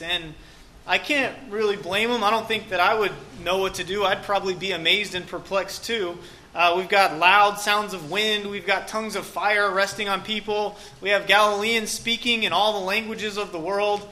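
A man's voice: high-pitched, fairly even intonation, normal speed, bright, forceful tone. A man preaching a sermon in a casual, joking way, often saying "okay" and "um". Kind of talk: conversational sermon.

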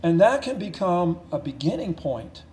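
Guy preaching, kinda high voice, earnest, repeats stuff, slows down to hit points, roomy echo. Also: very animated, a little mellow. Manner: earnest, repetitive preaching with slowed emphasis and rising intensity. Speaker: pastor. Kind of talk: sermon.

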